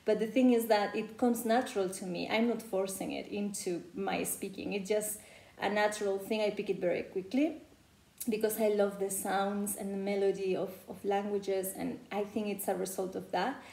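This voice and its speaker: A woman's voice: medium pitch, steady tone, moderate pace, creaky, dark tone. A woman from Spain with a Spanish accent, coaching English pronunciation in a loose, chatty way full of "you know". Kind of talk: casual teaching talk. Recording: echoey room.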